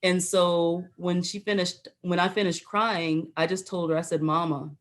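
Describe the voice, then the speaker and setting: Speaking at a normal speed with hardly any pauses, this woman has a steady, lowish voice. She's a middle-aged retired Army colonel from the United States, spinning stories on a talk show and voicing the people in them.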